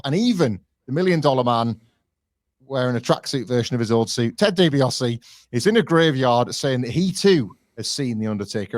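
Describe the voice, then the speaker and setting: A man's voice: medium pitch, dry recording. A man co-hosting a podcast, recapping old events in a wry storytelling manner. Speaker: podcast co-host. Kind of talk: casual podcast chat.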